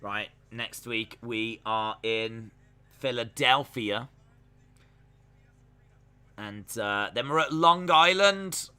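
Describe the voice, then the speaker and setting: A man's voice: mid-range voice, takes it slowly, long pauses, bright, forceful tone, clear, resonant tone. A young man hosting a live stream, casually reacting to a wrestling show and reading chat messages aloud. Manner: chatty, jokey, talks to chat while watching.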